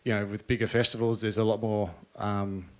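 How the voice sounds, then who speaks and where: A man's voice: on the low side, flat delivery, fairly quick. An Australian man, a guest DJ in casual chat, telling a long story with many restarts and fillers.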